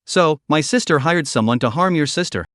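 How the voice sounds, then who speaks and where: A man's voice: on the high side, animated, a little fast, fairly bright tone, no room sound, clean studio sound. A man voicing a cowardly young man who whines and pleads for his life in a narrated story. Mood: evasive. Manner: pleading, whining.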